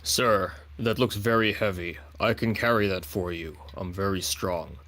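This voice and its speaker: A man's voice: sits low, measured pace, fairly bright tone. A man playing a scarred, undead-looking male adventurer who deadpans boasts about his strength. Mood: boastful.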